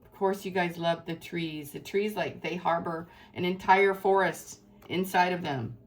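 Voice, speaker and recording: A woman's voice: lowish voice, steady tone, unhurried, faint music behind. Effusive woman doing a tarot reading. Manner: effusive, spiritual, rambling and emotional. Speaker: tarot reader.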